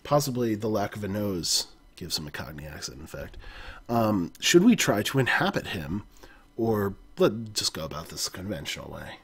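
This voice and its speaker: Husky man reading a gamebook aloud. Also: lowish voice, big pitch swings, moderate pace. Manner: wry, self-mocking. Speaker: game narrator. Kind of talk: reading an adventure gamebook aloud with joking asides.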